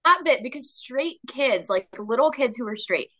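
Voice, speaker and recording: A woman's voice: on the high side, expressive, normal speed, bright, forceful tone. A young adult woman speaking as a podcast guest in casual conversation, earnest and open, swearing casually.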